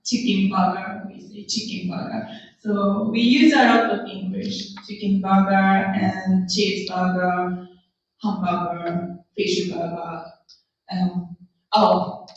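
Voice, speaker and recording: A woman with a Japanese accent leads a slow, patient classroom lesson, saying each word twice. She sounds far from the mic in a very echoey room, and the recording is dull and lo-fi. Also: medium pitch. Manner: repeats words slowly, laughs often. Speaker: language teacher.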